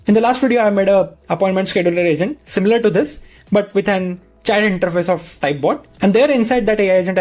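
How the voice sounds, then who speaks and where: A man presenting a screen-recorded software tutorial, explaining each step in a plain, patient way into a desk microphone. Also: high-pitched.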